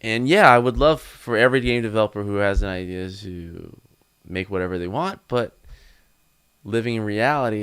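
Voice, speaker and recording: A man's voice: on the low side, lively intonation, moderate pace, fairly bright tone, clear, resonant tone. A man co-hosting a casual podcast roundtable, ranting bluntly and laughing between points. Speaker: podcast co-host.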